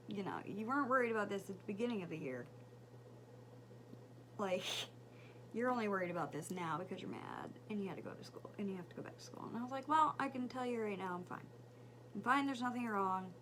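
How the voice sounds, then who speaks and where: A woman's voice: mid-range voice, a little hiss or hum. A woman in her thirties vlogging at home, chatting casually through a get-ready-with-me story and acting out conversations with her son. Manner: chatty, animated retelling, swearing freely.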